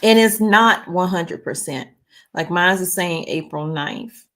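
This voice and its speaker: This livestream host from North Carolina has a somewhat low, slightly bright voice and speaks a little slowly. She rambles chattily through viewer comments, reading them aloud with difficulty, with many "um"s and restarts.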